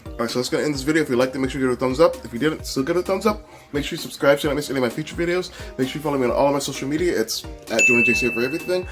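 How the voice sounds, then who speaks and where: A man's voice: mid-range voice, rapid-fire. Chatty young man vlogging over music. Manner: chatty and earnest, giving advice with restarts and asides. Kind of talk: casual vlog chat. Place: his home, walking from bedroom to kitchen.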